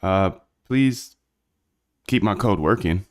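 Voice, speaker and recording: Deep-voiced man rambling through live coding. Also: expressive, takes it slowly, a little mellow, slight background noise. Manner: slangy, rambling, talks to himself and chat. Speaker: livestreaming programmer. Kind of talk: casual live-coding stream chat.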